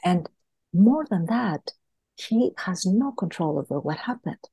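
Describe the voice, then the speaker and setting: A woman's voice: fairly low pitch, animated, unhurried, warm tone, husky, no room sound. A woman, a guest in a podcast interview, earnestly explaining an idea through a story and often repeating words as she thinks. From Greece.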